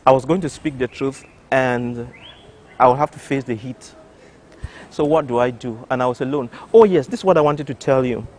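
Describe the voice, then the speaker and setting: An older man, a doctor from Cameroon, telling an interviewer his story, animated and full of restarts. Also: medium pitch, moderate pace, a little hiss or hum. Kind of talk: recounting a personal story. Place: television studio.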